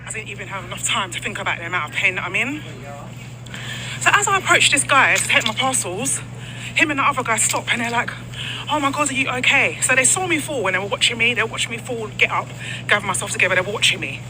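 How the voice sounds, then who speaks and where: A woman with a Nigerian accent tells a story outdoors in an animated way, acting out each quote. Her voice is high. Traffic and street noise run loudly behind her. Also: fast talker. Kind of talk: storytelling vlog. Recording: street noise with passing cars.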